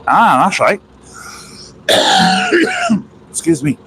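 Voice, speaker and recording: A man's voice: medium pitch, normal speed, heavy background noise. A man with a sore throat chatting casually on a phone live stream outdoors by a bus station, rambling and reading out viewer comments.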